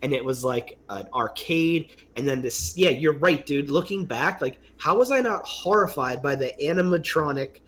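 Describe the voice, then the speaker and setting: A young man chats casually with friends, telling stories with a joking, animated edge. His voice sits a little higher than most men's. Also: moderate pace, hardly any pauses, husky. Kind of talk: casual chat among friends.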